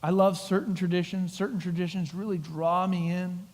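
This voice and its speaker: A middle-aged male pastor delivers a lively sermon, acting out the characters in the story as he goes. His voice sits high for a man. The sanctuary adds a long, ringing reverb. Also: moderate pace. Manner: animated storytelling with acted-out voices. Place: church sanctuary.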